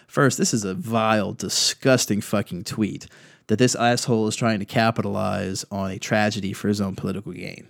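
A man's voice: fairly low pitch, steady tone, normal speed, creaky. A man hosting a political podcast, giving blunt, profane and indignant commentary, often reading quoted posts aloud. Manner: reads quoted tweets aloud.

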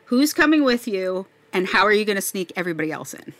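Joking woman host on a podcast, mid-pitched, dry close mic. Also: sing-song, fairly bright tone, dry recording. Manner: playful, joking, quick interjections. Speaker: podcast host and music teacher. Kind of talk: casual podcast chat.

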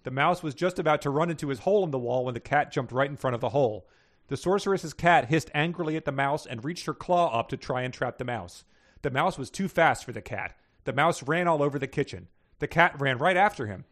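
A man's voice: animated, fairly quick. A man hosting a podcast, reading short stories aloud and chatting casually, often laughing. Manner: reads stories aloud, voices characters with raised pitch, laughs often. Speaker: podcast host reading passages. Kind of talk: read-aloud storytelling with casual chat.

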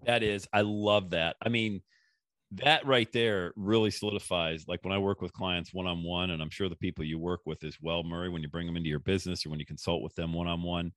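A man hosting a podcast and telling a story in a casual, animated way, acting out the people he quotes. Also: low voice, brisk, no room sound, studio quality. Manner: animated, acts out quoted voices. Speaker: podcast host.

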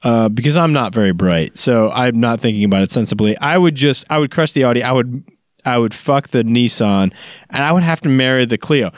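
A man's voice: mid-range voice, animated, fairly quick, no room sound, studio quality. A man co-hosting a podcast in casual chat, enthusiastic and self-deprecating. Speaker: podcast co-host.

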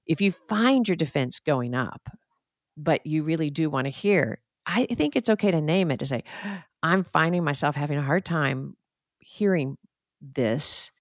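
A woman's voice: low-pitched, expressive, unhurried, no room sound, studio quality. A woman therapist co-hosting a podcast, explaining in an earnest, reflective, conversational way. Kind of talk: casual conversational advice.

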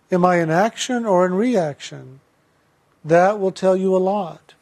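A man giving a reflective spiritual talk and telling a personal story, speaking slowly and deliberately with pauses. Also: high voice, a little mellow. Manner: slow, measured, deliberate pauses.

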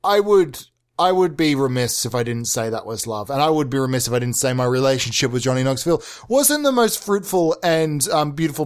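High-voiced man rambling through a comic monologue. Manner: rambling, swearing, jumps between put-on bits. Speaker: podcast host.

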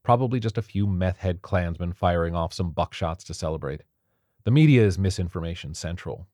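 A man's voice: low-pitched, fairly quick, a little mellow, no room sound, studio quality. A man voicing a flutist who scoffs at the news and then wails in fear. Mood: dismissive. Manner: dismissive, then wailing. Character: cynical flutist turned hysterical.

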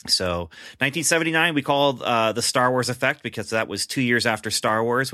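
A man's voice: on the low side, sharp tone, no echo. Male podcast host, dry close mic, chatty, laughs, loose fillers. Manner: chatty, laughs often, many fillers and restarts. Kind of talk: casual chat.

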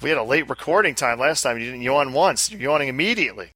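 A man's voice: medium pitch, lively intonation, fast, bright, forceful tone, no room sound. A man co-hosting a casual podcast chat, talking in a rambling way and often repeating his words. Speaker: podcast co-host.

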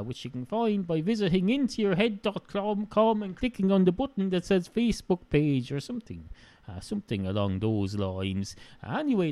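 A man's voice: fairly high pitch, a little mellow, dry recording. A man with an Irish accent hosting a rambling solo podcast, full of "uh" fillers and self-mocking asides. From Ireland. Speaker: podcast host.

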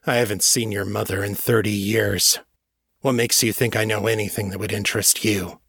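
A man voicing a gray-bearded old village smith, talking softly and gently in a storybook reading. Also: steady tone, normal speed, gravelly, husky, dry recording, studio quality, exaggerated voice. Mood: wry. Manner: soft, gentle, low.

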